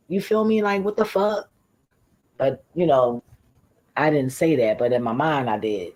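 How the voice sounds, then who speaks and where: A man's voice: a little high, lively intonation, unhurried, long pauses, darkish tone, poor audio. A man hosting a livestream, telling a story casually in a blunt, profane, laughing way. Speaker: livestream host. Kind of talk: casual storytelling to a live audience.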